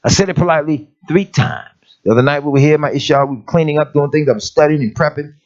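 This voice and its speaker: A man's voice: on the high side, fast talker, darkish tone. Emphatic middle-aged preacher man. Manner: emphatic, street-plain preaching with repeated "come on, man". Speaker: elder of an assembly. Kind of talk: conversational sermon. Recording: dull lo-fi sermon recording.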